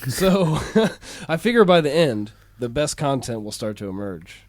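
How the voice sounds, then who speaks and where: Male podcast guest, Midwestern American accent, hesitant, lively pitch, dry sound. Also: measured pace, no echo. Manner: laughing often, hesitant fillers, swearing. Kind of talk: casual chat.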